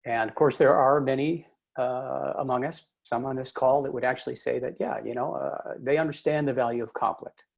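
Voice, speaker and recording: A man's voice: mid-range voice, fairly even intonation, normal speed, gravelly. A man presenting a webinar on workplace conflict, telling stories in a conversational way with many fillers and restarts. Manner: storytelling, frequent fillers and restarts. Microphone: video call mic.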